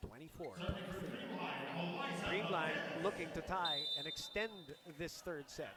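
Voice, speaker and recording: A man calling a volleyball match play by play, quick and excitable. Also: fairly high pitch, a loud crowd. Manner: energetic, rapid calls of plays. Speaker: play-by-play commentator. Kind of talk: live volleyball commentary. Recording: loud music over broadcast.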